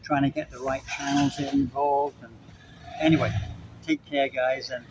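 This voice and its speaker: A man's voice: medium pitch, steady tone, measured pace, noisy background. A man from Britain, casually ranting to camera in a vlog. He rambles and repeats himself as he talks straight to his viewers. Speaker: vlogger. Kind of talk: casual evening rant to camera. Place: Puerto Vallarta, Mexico.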